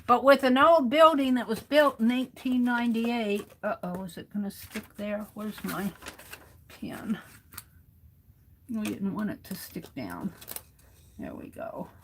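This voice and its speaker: A woman's voice: mid-range voice, slight background noise. An American woman hosting a craft livestream, chatting to herself and viewers as she works with her hands, now and then moving away from the mic. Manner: chatty, talks to herself while working.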